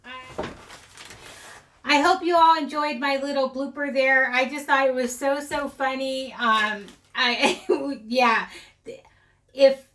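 A middle-aged craft channel host talks loosely through her haul, giggling at her own expense as she rambles. Her voice is high-pitched and fairly bright.

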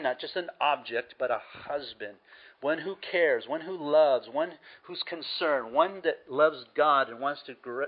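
A man's voice: mid-range voice, dull audio. A man preaching a sermon as pastor, earnest and emphatic, repeating key words for stress.

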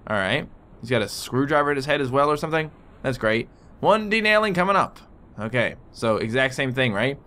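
A man giving excitable let's play commentary as he plays, swearing and yelling at his patients in a surgery game. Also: medium pitch, fairly quick. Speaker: gaming video host.

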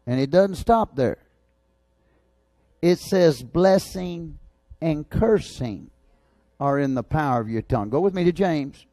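A male pastor preaching a sermon, swinging from loud, excited shouts to low, intense asides. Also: unhurried, pauses often, dry recording, studio quality.

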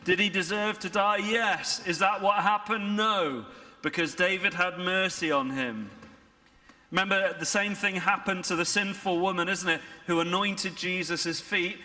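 This preacher's voice is high-pitched, bright and forceful, holding a steady tone at a slightly slow pace. He delivers his sermon like a conversation, frequently asking the congregation rhetorical questions, and the church hall adds reverb.

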